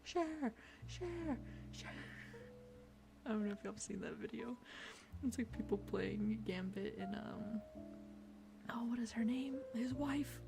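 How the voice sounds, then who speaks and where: A woman with an American accent, chatting with viewers in an ASMR stream, soft-spoken and partly whispered. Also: medium pitch, steady tone, a little slow, creaky. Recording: music playing behind.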